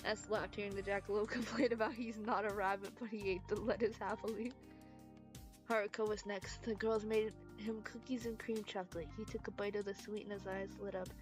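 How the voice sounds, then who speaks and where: A woman's voice: mid-range voice, little pitch movement, a little fast, music in the background. A woman streamer reading fanfiction aloud in a casual way, stumbling over words and giggling.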